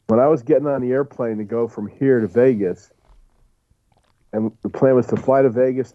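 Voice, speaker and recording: A man joining a podcast remotely, telling rambling, animated stories in casual chat. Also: fairly low pitch, no echo, muffled recording. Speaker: podcast guest. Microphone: headphones in, remote call.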